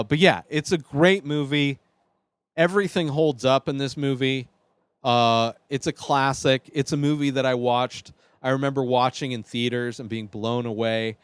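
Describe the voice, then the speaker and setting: Male host, 30s, solo casual talk, eager and rambling, smooth clear voice, dry close sound. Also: medium pitch, dry recording. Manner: enthusiastic, rambling with restarts and fillers. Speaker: podcast host.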